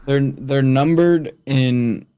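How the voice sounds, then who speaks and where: A man's voice: medium pitch, slow pace, warm tone, clear, resonant tone. A man co-hosting a podcast, joking around in a slangy, casual way. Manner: joking, slangy, says "bro". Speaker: podcast co-host. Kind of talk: casual chat.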